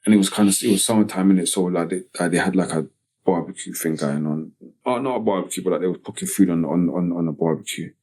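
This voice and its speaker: A man from Tottenham with a North London accent, telling a personal story as a podcast guest in slangy, halting speech full of "you get me" tags. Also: low-pitched, a little mellow. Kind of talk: casual storytelling interview.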